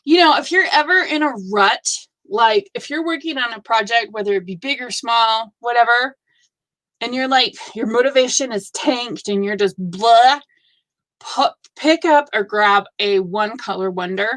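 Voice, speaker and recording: A woman in her fifties hosting a casual live stream, gushing warmly over viewers' work with effusive reactions. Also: fairly high pitch, moderate pace. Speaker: host of a live stitching show.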